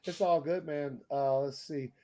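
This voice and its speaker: A man with a notably high speaking voice hosts a casual stream. He rambles, restarts sentences and swears freely, talking from a home setup. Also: steady tone, a little slow, a crowd in the background. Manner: loose, profane, rambling with many restarts. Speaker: podcast host. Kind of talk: casual chat.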